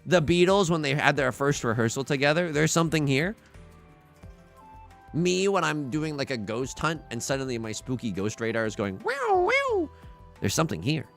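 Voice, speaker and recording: A man's voice: medium pitch, expressive, normal speed, vocal fry, fairly bright tone, soft background music. A young man streaming a tile game live, talking through each move and joking with his chat. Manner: playful, jokey, talks to chat.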